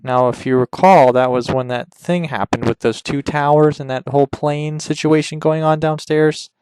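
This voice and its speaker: Man, podcast host, deadpan crude rambling, smooth clear voice, dry close mic. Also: mid-range voice, moderate pace, no echo. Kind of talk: rambling comedic monologue over gameplay.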